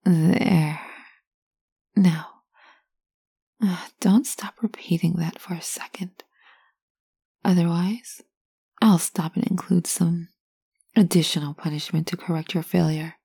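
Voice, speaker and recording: Slow whispered role-play, commanding woman. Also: lowish voice, steady tone, warm tone, no room sound. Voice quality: breathy whisper.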